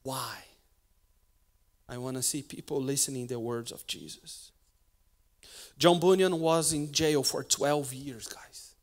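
A man preaching a sermon in English, moving between loud, passionate calls and quiet, hushed stretches. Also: mid-range voice, a little slow. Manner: swings from shouting passion to hushed near-whisper.

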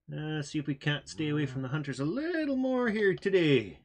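A man's voice: fairly high pitch, animated, fairly quick, few pauses. A man hosting a gaming channel, chatting goofily as he commentates his own gameplay. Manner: chatty, goofy, self-amused. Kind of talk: casual game commentary. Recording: noisy game capture.

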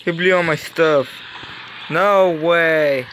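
A man giving Minecraft gameplay commentary, excitable and yelling in frustration. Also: fairly high pitch, slow pace, noisy background. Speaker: gaming YouTuber.

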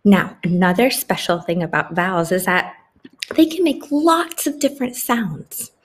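A woman teaching young children their letters at an unhurried, patient pace. She stretches out each vowel and consonant, sounding words out slowly and clearly. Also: fairly low pitch, very animated. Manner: slow, exaggerated sounding-out of letters. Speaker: kindergarten teacher. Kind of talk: phonics lesson for young children.

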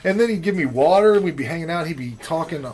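A man's voice: on the high side, animated, quick pace, darkish tone. Blunt, profane man reviewing a film. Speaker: podcast co-host reviewing a film. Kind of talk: casual chat.

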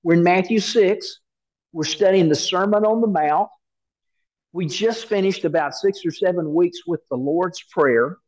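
A man's voice: sits high, unhurried, low-quality recording. A man, preaching a sermon as pastor and telling a story with acted-out quoted voices. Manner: animated storyteller who acts out quoted voices.

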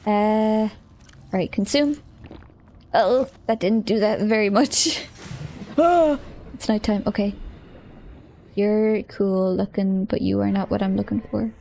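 A woman's voice: medium pitch, mellow. A woman streamer chatting casually as she plays, thinking aloud, easily startled and often giggling.

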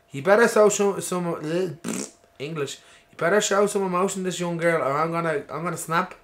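A man's voice: high-pitched, normal speed, fairly bright tone. Sweary mock-grumpy man. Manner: mock-annoyed, sweary, playful. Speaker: let's play co-host. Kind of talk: casual gaming commentary.

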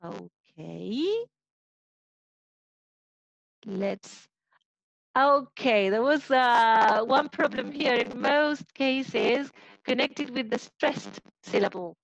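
A woman's voice: a little high, animated, drawn-out words, gravelly, pauses often, no echo, dull audio. A woman with an Argentine Spanish accent, a native Spanish speaker, giving a patient online phonetics lecture and often checking in with her students. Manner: patient, explanatory, checks understanding with "right?".

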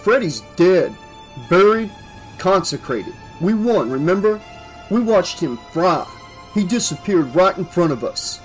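Man doing a brash teen boy, snappy, tough talk, raised pitch, faint music. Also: big pitch swings, measured pace, few pauses. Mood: scoffing. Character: cocky, defensive teenage boy.

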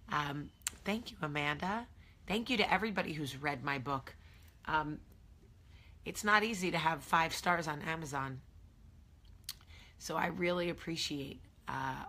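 A woman's voice: low-pitched, sharp tone. A woman in her thirties hosting a casual morning live-stream chat, rambling with lots of fillers. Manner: chatty, rambling with many fillers. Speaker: host.

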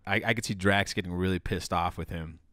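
A man's voice: sits low, steady tone, fairly quick, a bit bright, dry recording, clean studio sound. A man co-hosting a casual film podcast, agreeable and a little hesitant, with restarts. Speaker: podcast co-host. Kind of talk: casual film review chat.

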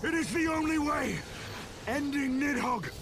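A man's voice: extremely high pitch, expressive, measured pace, heavy background noise, heavily acted. An actor playing a grim, stoic male dragoon knight who speaks formally and solemnly in a game scene. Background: game music.

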